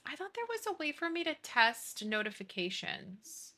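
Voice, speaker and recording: A woman's voice: high-pitched, big pitch swings, moderate pace, bright, forceful tone. A young woman streaming live, chatting casually, swearing freely and apologizing as she fiddles with her settings.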